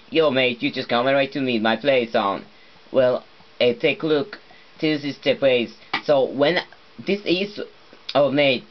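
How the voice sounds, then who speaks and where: A man's voice: medium pitch, muffled recording, close to an everyday voice. A man putting on a British accent to play a chummy bloke who keeps calling out "mate" and invites a friend over. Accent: British (imitated).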